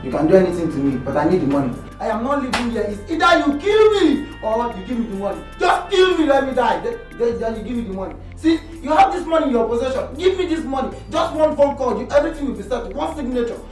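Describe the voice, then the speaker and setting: A stubborn young man with a Nigerian accent, talking fast and pushing the same demand over and over. He sounds distant in a roomy space, with music underneath. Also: very high voice, very animated. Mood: defiant. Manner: loud, insistent, repetitive demands. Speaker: debtor's son demanding money.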